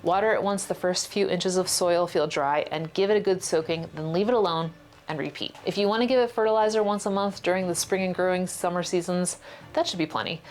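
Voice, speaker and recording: A woman's voice: fairly low pitch, fairly quick, darkish tone, slight background noise. A woman hosting a houseplant vlog at home, explaining plant care in a chatty, playful way with jokey asides. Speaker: houseplant vlogger. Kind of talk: casual informative vlog narration.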